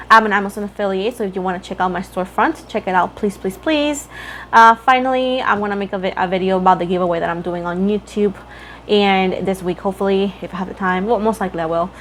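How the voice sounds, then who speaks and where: A woman's voice: medium pitch, a bit bright, a little hiss or hum. A young woman reading tarot cards for her viewers in a chatty, rambling way, often breaking off mid-sentence. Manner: chatty, rambling, self-interrupting. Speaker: tarot reader.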